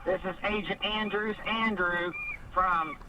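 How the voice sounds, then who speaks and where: A man's voice: high-pitched, fairly even intonation, slow, noisy background. A man calling in and playing a stern, paranoid military agent who gives curt orders. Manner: curt orders, then rambling about lights. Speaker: caller.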